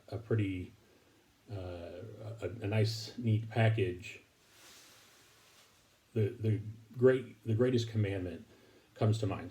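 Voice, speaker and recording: A man giving a recorded Bible lesson to his congregation, speaking haltingly with many fillers and restarts. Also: lowish voice, dark tone. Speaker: preacher.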